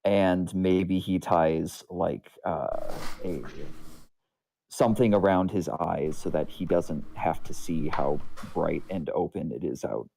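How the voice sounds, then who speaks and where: A man's voice: low-pitched, slow, vocal fry, mellow, a little hiss or hum. A man playing in a tabletop game, talking in a hesitant, stammering way.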